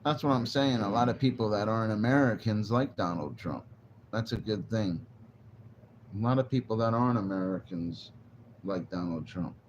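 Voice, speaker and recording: A man's voice: fairly low pitch, moderate pace. A man livestreaming while stoned, rambling and swearing casually as he answers his chat. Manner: rambling, profane, laid-back. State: stoned, zoned out. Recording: dull lo-fi stream audio with faint noise.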